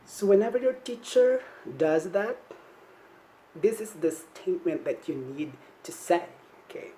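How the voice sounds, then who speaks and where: Slow, lively-voiced woman teaching English. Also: lowish voice, poor audio. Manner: slow, clear, encouraging, modeling phrases for repetition. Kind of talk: teaching demonstration to young learners.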